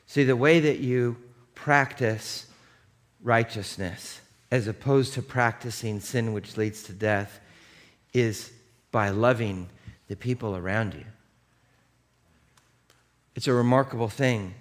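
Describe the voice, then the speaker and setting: A male pastor preaching a sermon in a loose, conversational way, telling a personal story and breaking into shouts. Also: medium pitch, takes it slowly, pauses often. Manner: animated, conversational, bursts into shouts. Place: church.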